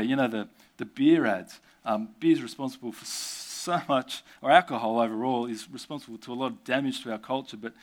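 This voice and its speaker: A man's voice: medium pitch, fairly bright tone. A man giving a sermon, posing rhetorical questions and tossing in conversational asides. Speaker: preacher.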